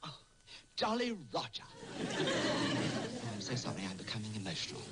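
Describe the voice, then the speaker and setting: A man's voice: a little high, animated, fast talker, natural voice. An actor playing a prim, fussy male tutor in an old radio comedy, speaking. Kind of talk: 1940s radio acting. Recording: noisy old radio broadcast.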